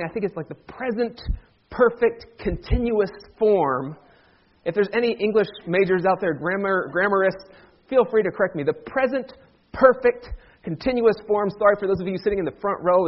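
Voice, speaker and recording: A man's voice: sits high, lo-fi sound. A man, a pastor, giving a joking, conversational sermon to his congregation and drawing them into call-and-response. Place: church sanctuary.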